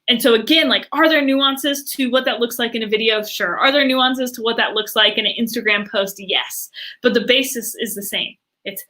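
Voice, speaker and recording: A woman guest in an interview, talking with lots of fillers and acting out other people's reactions in quick quoted voices. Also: a little high. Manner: animated, many fillers, acts out quoted reactions. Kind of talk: enthusiastic interview talk.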